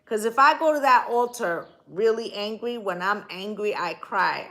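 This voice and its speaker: A woman's voice: a little high, a bit bright. Blunt, fiery tarot reader woman. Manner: blunt, profane, emphatic, keeps asking "right?". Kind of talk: casual tarot reading talk.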